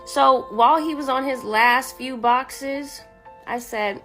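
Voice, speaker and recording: A woman's voice: sits high, slow pace. A woman recounts her story with blunt, sassy candor and plenty of swearing. Faint music plays behind her voice. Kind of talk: casual storytelling.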